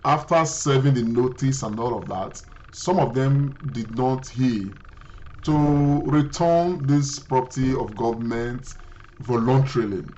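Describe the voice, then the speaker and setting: Man, talk show host, hesitant, lots of fillers, mid pitch, slightly dull lo-fi sound. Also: measured pace, dark tone, a little hiss or hum. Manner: hesitant, many fillers and self-corrections.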